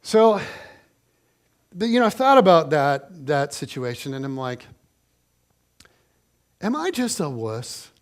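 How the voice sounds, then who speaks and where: High-voiced man preaching a story sermon. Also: slow pace, long pauses. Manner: animated, conversational storytelling to the congregation. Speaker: pastor.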